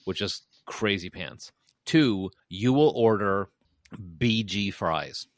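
A man in his forties from the Chicago area, telling animated stories to old friends in casual chat. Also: lowish voice, takes it slowly, no room sound, clean studio sound. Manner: animated storyteller, puts on voices in anecdotes. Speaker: podcast co-host.

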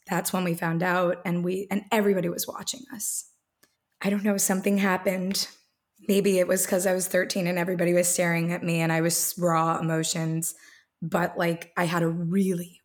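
A woman in her thirties, a podcast guest talking casually with many restarts and fillers. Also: on the low side. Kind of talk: casual interview talk.

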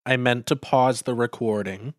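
Brief: young male podcast co-host, smooth clear voice, dry close sound, deadpan matter-of-fact delivery. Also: medium pitch, moderate pace, dry recording. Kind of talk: casual chat.

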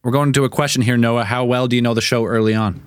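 Teasing Canadian host, dry mic. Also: male voice, medium pitch, steady tone, fast, clean tone, dry recording. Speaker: podcast host running call-in trivia. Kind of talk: casual chat.

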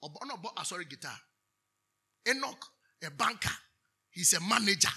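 A man's voice: high voice, sing-song, normal speed, gravelly, sharp tone, husky. A Ghanaian man preaching a sermon, preaching emphatically, drawing answers from the congregation with questions and switching between English and Twi. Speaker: pastor.

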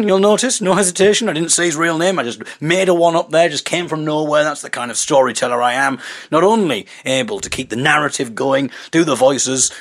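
A man's voice: mid-range voice, a bit bright. A man hosting a podcast, telling a comic personal story in a self-mocking way and slipping into character voices. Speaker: podcast host.

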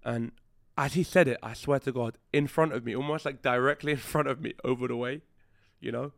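A man's voice: medium pitch, fairly quick, vocal fry, no echo, clean studio sound. A man telling a story on a podcast in casual chat, swearing freely and acting out the other people's lines. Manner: animated storyteller who acts out quoted dialogue. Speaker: podcast host.

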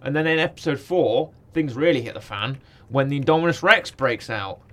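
A man's voice: mid-range voice, expressive, a little fast, fairly bright tone. A man co-hosting a podcast, chatting casually about a cartoon series, rambling, correcting himself and laughing often. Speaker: podcast co-host.

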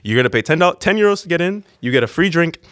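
A brisk, matter-of-fact young man rattling off the plan, as a storyteller quotes him in his own voice. Quick and a touch lower, close and dry. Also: lively intonation, fairly bright tone, dry recording.

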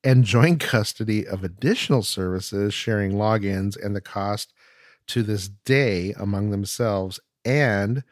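A man's voice: fairly low pitch, a little slow, no room sound, clean studio sound. A man hosting a podcast in casual chat, reading news articles aloud with playful mock drama. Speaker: podcast host.

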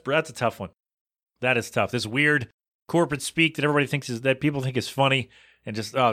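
Guy host with a bright, forceful voice, rolling his eyes at stuff, chatty and loose. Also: medium pitch. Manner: exasperated, mocking, animated. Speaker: podcast host. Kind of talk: casual chat.

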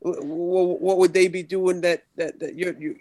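A man voicing a stern rancher with a shotgun, in a halting put-on Southern drawl. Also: lowish voice, darkish tone, no echo. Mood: alarmed.

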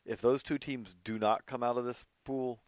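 A man's voice: mid-range voice, steady tone, moderate pace, no room sound. Easygoing man hosting a dry podcast. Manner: easygoing, hedging, repeats himself. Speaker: podcast host. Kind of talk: casual sports chat.

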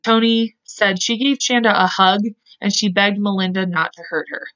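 A woman's voice: medium pitch, fairly even intonation, moderate pace, fairly bright tone. Casting note: woman podcast host, loose true-crime storytelling, swears, self-corrects, muffled lo-fi sound. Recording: dull lo-fi podcast audio.

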